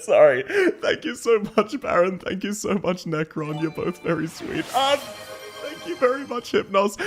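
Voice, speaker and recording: Lively, high-pitched, laughing male streamer. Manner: laughs often, chatty, thanks viewers warmly. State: slightly congested, with a cough. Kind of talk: casual live stream chat.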